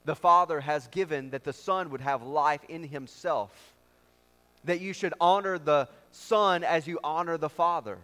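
A man's voice: fairly high pitch, measured pace, sharp tone. A man preaching a sermon as pastor, with an emphatic, repetitive cadence. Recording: long reverb of a large hall.

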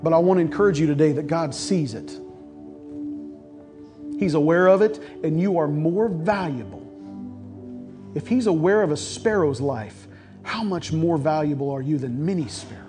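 A man's voice: fairly high pitch, normal speed, pauses often, over music. A middle-aged male pastor preaching a sermon, telling a personal story earnestly and repeating words as he builds his points.

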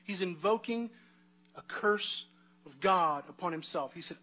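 Preaching at a slightly slow pace, a pastor keeps his sermon chatty and often turns to the congregation with rhetorical questions. His high voice is bright and forward, captured in a somewhat muffled, lo-fi recording.

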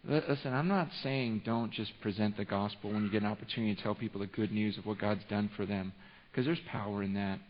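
A male pastor preaching a sermon in a church, telling a story with animated, rising excitement and frequent restarts. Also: on the low side, fast talker. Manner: repeats and restarts words often. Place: church sanctuary. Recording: muffled sound with long hall reverb.

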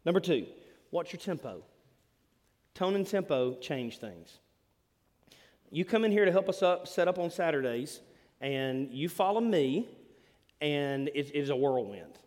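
A man, preaching a sermon as pastor, telling stories with big swings between loud and hushed delivery. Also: fairly high pitch, very animated, a little slow, pauses often. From Alabama. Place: church hall. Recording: long hall reverb.

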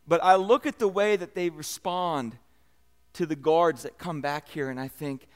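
A man preaching a sermon, with expressive delivery that swells and drops in volume for emphasis. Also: a little high, moderate pace. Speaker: pastor.

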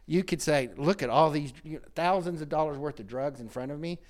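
A man who works as a counselor, hosting a talk show discussion in an animated way, laughing often and repeating words as he starts his sentences. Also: on the high side, a little fast. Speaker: counselor and host.

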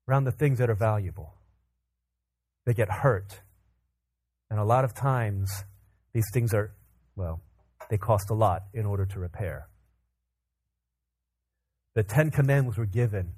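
A man preaching a sermon, telling a family story in an animated way, acting out quotes and laughing often. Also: medium pitch, slightly rough. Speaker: pastor. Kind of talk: sermon with personal stories.

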